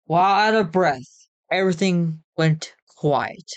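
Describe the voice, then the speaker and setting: A man narrating his own ghost story in the first person, in a plain, measured way. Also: a little high, lively intonation, dry recording, muffled recording.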